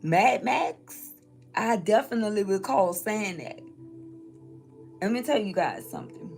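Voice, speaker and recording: With a mid-range, darkish voice, sing-song delivery and some vocal fry, the New Orleans spiritual reader moves at a measured pace through her tarot live stream. She chats casually and laughs often while faint music sits behind her.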